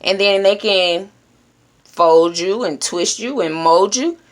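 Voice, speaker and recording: A woman speaking straight to her audience in a motivational monologue, blunt and preachy, often pausing with a questioning "hmm?". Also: mid-range voice. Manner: direct, preachy, adds "Hmm?" checks. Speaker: self-help speaker.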